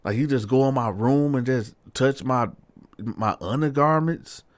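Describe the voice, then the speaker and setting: A man's voice: medium pitch, normal speed, darkish tone, no room sound. A man telling a story casually, profane and talking straight to his listeners. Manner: profane, addresses listeners directly. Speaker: storyteller host.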